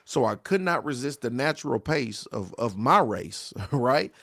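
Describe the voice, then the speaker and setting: Middle-aged pastor guy preaching a grief devotional, gravelly voice, keeps asking right? and pushing ppl along. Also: medium pitch, very animated, unhurried, a bit bright, no echo, clean studio sound. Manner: repetitive preacher cadence with frequent "right?"; exhorting, call-and-response.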